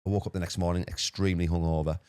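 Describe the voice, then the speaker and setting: Man, podcast guest; rapid, deep, flat storyteller. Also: clean tone, no room sound, studio quality. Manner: rapid, animated anecdote-telling with repeated words. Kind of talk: casual storytelling.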